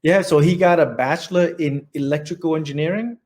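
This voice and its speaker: A man in his forties from central Vietnam with a Vietnamese accent, telling his story in an oral history interview, halting and restarting often. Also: a little high, darkish tone. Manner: halting, many restarts and repeated words.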